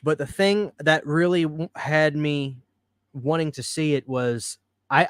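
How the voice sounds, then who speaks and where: A man's voice: a little high, dry recording, clean studio sound. A man hosting a casual live stream, chatting loosely, answering viewer comments and laughing easily. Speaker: livestream host. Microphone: studio microphone.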